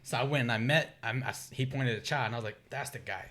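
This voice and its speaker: Bright-voiced man telling lively stories. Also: medium pitch, fast. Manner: animated, acts out quoted dialogue, swears and laughs often. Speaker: podcast guest. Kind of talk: casual chat, storytelling.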